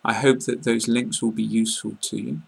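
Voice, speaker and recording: Gravelly man with a southern English accent. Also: medium pitch, fairly quick. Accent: southern English, received pronunciation. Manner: calm, plain explaining with frequent fillers. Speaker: English teacher. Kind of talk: online lesson.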